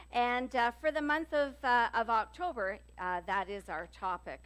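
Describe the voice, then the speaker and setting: Lady minister preaching, chatty storytelling, uh's and all, fairly high voice. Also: smooth. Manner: chatty, lively storytelling with fillers. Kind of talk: sermon with jokes and readings. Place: church sanctuary.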